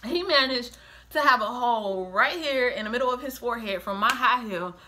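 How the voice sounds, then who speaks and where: Woman, middle-aged, bright higher voice, lively casual storyteller who plays all the quotes. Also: normal speed. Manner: animated, acts out quoted voices, breaks into laughter. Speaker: storyteller, the host's mother.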